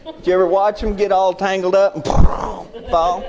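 A middle-aged man preaching a fiery Bible sermon. He drops to low murmurs, then bursts into loud exclamations. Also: flat delivery, measured pace, creaky, crowd noise.

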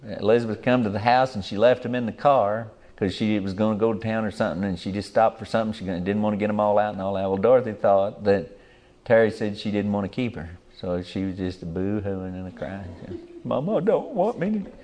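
A man's voice: fairly low pitch, level tone, brisk, darkish tone. An older man, preaching a sermon in a folksy, rambling way with rural grammar.

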